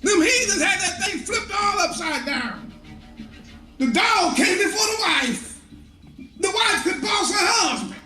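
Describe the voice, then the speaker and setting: A man preaching a street sermon, impassioned, often shouting and laughing as he swings between high and low. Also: lively intonation, a little slow, reverberant, soft background music.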